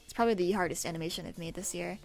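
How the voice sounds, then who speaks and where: A woman's voice: on the low side, racing, vocal fry, darkish tone. A young woman chatting on a livestream in a casual, rambling way. She giggles often and pokes fun at herself. Faint music plays behind her voice. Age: young adult. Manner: giggly, self-deprecating, rambling. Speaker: streamer.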